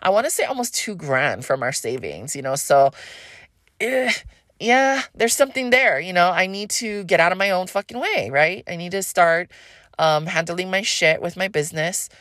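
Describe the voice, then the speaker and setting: In a lowish, expressive, slightly bright voice at normal speed, a woman with a light Hawaiian accent hosts a podcast on astrology, rambling frankly, swearing a lot and laughing often. The sound is studio quality with no echo.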